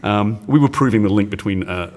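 A man in his forties from the United Kingdom, a science teacher telling stories as a guest in an interview, animated and laughing often. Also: lowish voice, brisk. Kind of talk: storytelling in an interview.

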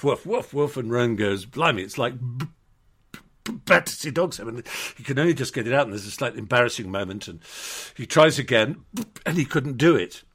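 Husky older Englishman telling anecdotes. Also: medium pitch, a bit bright. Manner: articulate, anecdotal, with frequent restarts. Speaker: guest. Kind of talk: conversational storytelling.

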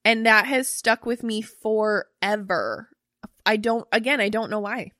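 A woman's voice: mid-range voice, expressive, a little slow, bright, forceful tone, dry recording. Chatty young woman, very dry sound. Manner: chatty, swears casually, trails off and restarts. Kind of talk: casual chat.

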